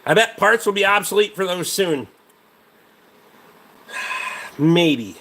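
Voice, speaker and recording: A man's voice: sits high, expressive, takes it slowly, pushed and bright. A man hosting a casual livestream, a mechanic rambling about truck parts and swearing freely while answering chat.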